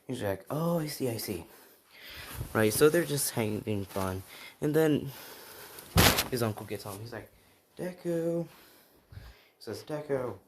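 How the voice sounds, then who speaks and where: A man's voice: fairly low pitch, animated, a little slow, pauses often, echoey room. A young man casually making up and retelling a fan story, rambling with many restarts and asides. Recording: faint background noise.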